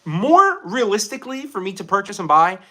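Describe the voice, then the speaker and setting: Bright, animated man streaming live. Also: high-pitched, brisk. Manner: animated, jokey, reacts to chat questions. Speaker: livestreamer reading chat. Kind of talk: casual livestream chat. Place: room at home with collectible figures.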